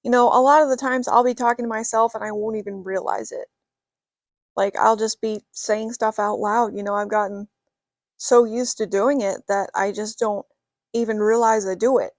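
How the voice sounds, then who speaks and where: A woman's voice: on the high side, fairly even intonation, moderate pace, no echo. A young woman talking casually to camera from her bedroom, rambling with many "you know" fillers. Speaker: vlogger. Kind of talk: casual vlog talk to camera.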